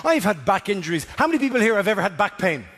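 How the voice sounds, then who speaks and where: A middle-aged man doing stand-up comedy in a big theatre, animated and breaking into sudden shouts. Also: high voice, rapid-fire. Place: large theatre stage. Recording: reverberant theatre, audience noise.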